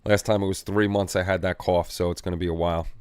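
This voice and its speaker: Low, dry-voiced man hosting a livestream. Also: flat delivery, fast, a little mellow, clean tone, dry recording. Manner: rambling, easygoing, repeats phrases. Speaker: livestream host. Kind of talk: casual chat while reading viewer comments. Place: home hobby room.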